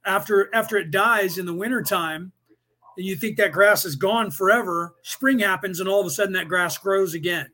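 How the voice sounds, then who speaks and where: A man's voice: sits high, normal speed, sharp tone. A middle-aged man leading a podcast study class, talking in a rambling way with many fillers and restarts. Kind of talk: lecturing study-group talk.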